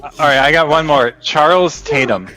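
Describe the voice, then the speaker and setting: A man's voice: fairly high pitch, normal speed, sharp tone, faint music behind, rough recording. A man on a book podcast, dry and playful in casual chat. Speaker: first-time reader on a podcast.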